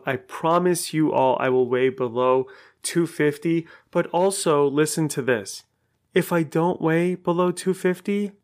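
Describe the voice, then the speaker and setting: Rambling casual man giving an update. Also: on the high side. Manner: rambling, self-correcting, swears casually. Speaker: vlogger giving a monthly update.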